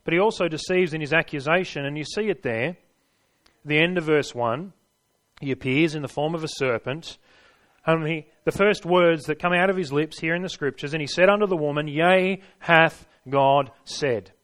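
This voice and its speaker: A man's voice: a little high, normal speed, fairly bright tone. A man preaching a sermon, stressing his points and putting rhetorical questions to his listeners.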